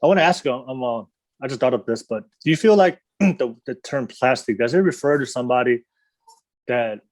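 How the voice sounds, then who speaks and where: A man's voice: medium pitch, fairly quick, a little mellow. Hesitant man hosting a casual interview. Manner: hesitant, full of restarts and repeated words. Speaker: podcast host.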